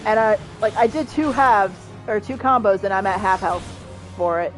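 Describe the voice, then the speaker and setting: A woman's voice: mid-range voice, normal speed, faint music behind, rough recording. A woman chatting casually while playing a video game, full of "like" fillers. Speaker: gamer. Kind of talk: casual gameplay chat.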